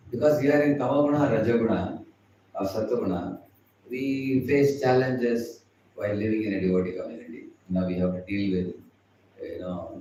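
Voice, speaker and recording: A man's voice: lowish voice, warm tone, slight background noise. A man with an Indian English accent giving a chatty devotional class, laughing often and acting out the people he quotes. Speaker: spiritual teacher. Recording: echoey hall, far from the mic.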